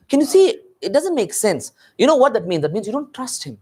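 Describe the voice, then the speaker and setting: A male pastor preaching a sermon with a lively voice that swings up and down in pitch. He keeps asking his congregation questions, repeats his points and speaks to people in the room directly. He sounds like he is in the middle of a church meeting. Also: brisk, slightly rough. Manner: animated preaching with rhetorical questions and asides to the congregation.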